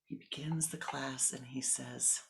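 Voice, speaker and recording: A woman spiritual teacher telling a story in a slow, deliberate sermon. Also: extremely low pitch, fairly even intonation, gravelly.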